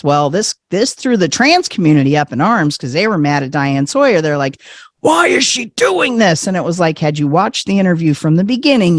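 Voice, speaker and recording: A man telling a personal story with animated energy, slipping into other people's voices and laughing often. He is a podcast guest in casual conversation. The sound is close and dry. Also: on the high side, no echo.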